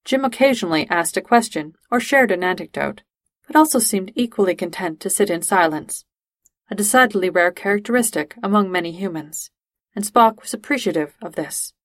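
A woman narrating a fan-fiction audiobook in a steady, even storytelling manner. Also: medium pitch, a little fast, no room sound.

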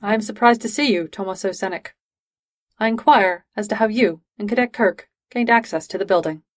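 A woman's voice: mid-range voice, brisk, no echo, studio quality, natural voice. A woman voicing a logical, formal male alien commander with precise speech.

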